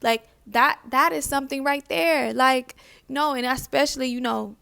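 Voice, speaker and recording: Gravelly woman asking gentle questions. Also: sits high, normal speed, dry recording, studio quality. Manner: conversational, repeats phrases, asks many questions. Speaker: spiritual vlogger. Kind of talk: casual reflective talk to camera.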